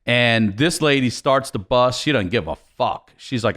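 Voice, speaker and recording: A man telling a wild story in animated, profane style on a podcast, often laughing as he goes. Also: mid-range voice, moderate pace, hardly any pauses. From Baltimore, USA. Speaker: podcast guest.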